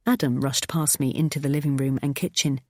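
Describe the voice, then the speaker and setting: A woman reading a first-person thriller audiobook, tense and expressive. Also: extremely low pitch, a little fast, dry recording, studio quality. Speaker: audiobook narrator.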